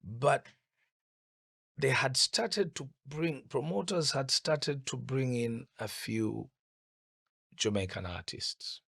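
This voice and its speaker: A middle-aged man from Uganda recounts his career in a relaxed interview. His voice is gravelly and sits at a middle pitch. The sound is dry and close, and he often restarts his sentences as he thinks. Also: slow, long pauses, no echo. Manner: reflective storytelling with repeated restarts. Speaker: interview guest, musician. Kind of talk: casual interview chat.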